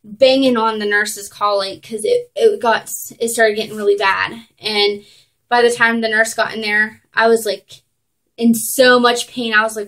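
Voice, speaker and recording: A young woman talks to her camera at home in a loose, chatty vlog. Her voice sits a little high, and her story comes out full of "like" and "um," with quick laughs now and then. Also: flat delivery, fairly bright tone, low-quality recording. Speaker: vlogger.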